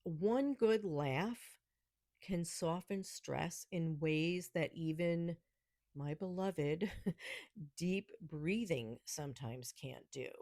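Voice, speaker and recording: A woman's voice: on the low side, expressive, drawn-out words, darkish tone, no echo, clean studio sound. A woman with a New York accent hosting a casual solo podcast, talking with snarky, sarcastic humor and laughing often. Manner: laughs often between remarks. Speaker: podcast host.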